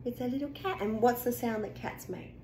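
A woman reading a picture book aloud to a child at home, playful and animated, often gasping and laughing. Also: on the high side, brisk. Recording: echoey room, faint background noise.

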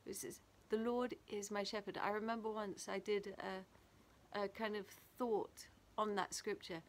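Gentle woman giving a devotional. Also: mid-range voice, flat delivery, a little slow. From England. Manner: gentle, reflective, reads and comments on a devotional. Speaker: church devotional leader. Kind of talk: daily devotional talk. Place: small garden playhouse. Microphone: camera video.

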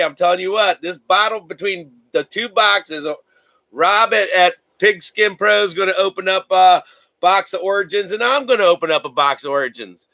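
A man's voice: high voice, gravelly, sharp tone, no echo, rough recording. A man hosting a card-breaking livestream from home, chatting casually and rambling with many fillers and restarts.

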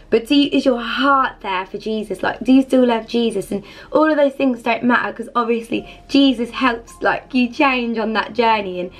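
Young woman vlogger, light high voice, effusive, loose casual chat. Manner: effusive, rambling, heavy use of "like". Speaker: Christian vlogger.

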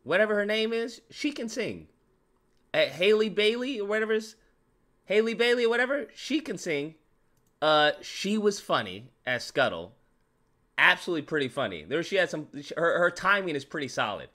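A man casually reviewing a movie in an animated rant, slangy and repetitive, calling the listener "bro". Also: sits high, normal speed. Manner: animated, slangy, repeats himself, frequent "bro".

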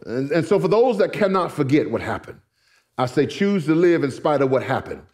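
A man's voice: fairly high pitch, big pitch swings, fairly quick, darkish tone. A middle-aged male pastor preaching a sermon in church, telling stories with folksy asides to the congregation. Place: church sanctuary.

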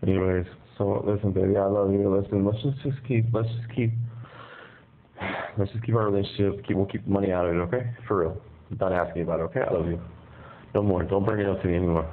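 A man's voice: sits low, steady tone, fast, a little hiss or hum. A man calling from jail on a tinny phone line, talking in a profane, aggressive and threatening way. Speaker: inmate on a jail call. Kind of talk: heated phone argument.

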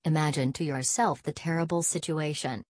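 A woman's voice: low-pitched, fairly even intonation, moderate pace, darkish tone, no room sound. A woman reading the part of a fussy, vain older male detective, sprinkling in French phrases in a theatrical manner. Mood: lecturing. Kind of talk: audiobook character reading.

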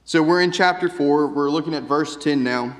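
A man's voice: fairly high pitch, normal speed. Man preaching in a reverberant church. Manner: conversational, keeps asking "right?". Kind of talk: sermon. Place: church sanctuary. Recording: long reverb of a church hall.

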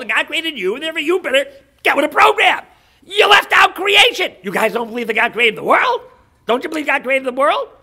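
A man voicing an angry male king who rants and shouts insults while retelling a story in a lecture. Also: very high-pitched, voice pushed up, full character voice. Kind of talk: acted quote in a lecture.

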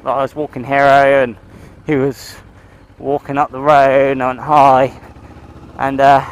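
A man's voice: medium pitch, completely flat delivery, unhurried, clear, resonant tone, rough recording. A man vlogging from his motorcycle, rambling and swearing as he rides through town. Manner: rambling, sweary, talks to himself and his bike. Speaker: motovlogger. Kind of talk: casual motovlog chat while riding.

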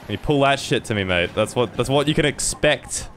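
A man's voice: mid-range voice, lively intonation, brisk, fairly bright tone, a little hiss or hum. A man giving casual gameplay commentary, laughing, swearing and bantering. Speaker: gaming streamer.

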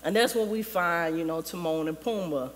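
High-voiced man preaching in a reverberant hall. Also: normal speed, a bit bright. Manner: casual storytelling, heavy use of "like". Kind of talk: sermon. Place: church sanctuary. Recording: long reverb of a church hall.

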